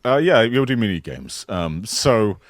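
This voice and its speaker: A man co-hosting a podcast, playfully improvising a mock game pitch in casual chat. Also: very animated, no room sound, clean studio sound. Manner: playful, joking improv pitch with quick voice switches.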